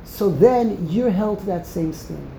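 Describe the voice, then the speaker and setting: Animated woman giving a Torah talk. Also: mid-range voice, a little slow, vocal fry, slight background noise. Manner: emphatic, repeats phrases for stress. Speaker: Torah teacher. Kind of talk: Torah lecture. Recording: roomy echo.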